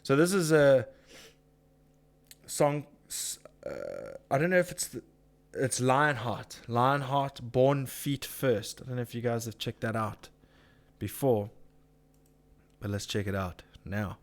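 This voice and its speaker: A man's voice: mid-range voice, big pitch swings, slow pace, long pauses. A man hosting a casual live chat, ranting with swearing and reading out viewer comments. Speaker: live-stream host.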